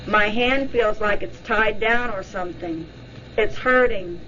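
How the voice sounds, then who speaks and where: A woman voicing a shaken woman recalling a strange encounter under hypnosis, halting and dazed, on a dull lo-fi recording. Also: mid-range voice, pushed and bright, slight background noise.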